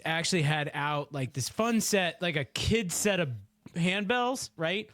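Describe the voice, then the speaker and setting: A man's voice: sits high, unhurried, fairly bright tone, no room sound. A man co-hosting a comedy podcast, telling a rambling story in casual chat, laughing often and humming tunes. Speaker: podcast co-host.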